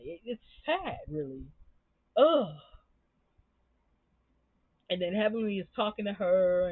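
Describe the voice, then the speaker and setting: A woman's voice: lowish voice, slightly rough, no room sound. Fiery, profane young woman on a tinny line. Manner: emphatic, frustrated, heavy profanity. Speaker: YouTube show reviewer. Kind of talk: impassioned commentary rant. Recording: tinny phone-like dry sound.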